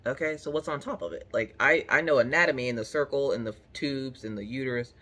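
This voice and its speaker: A woman hosting a crafting channel, telling a story in a casual, animated and dramatic way, swearing freely. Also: very deep voice, fast.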